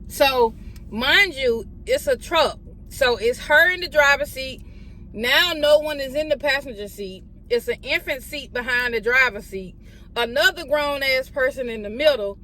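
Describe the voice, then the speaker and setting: High, bright-voiced woman vlogger. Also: moderate pace, a little hiss or hum. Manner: animated, profane retelling with heated quoted dialogue. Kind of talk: storytime vlog.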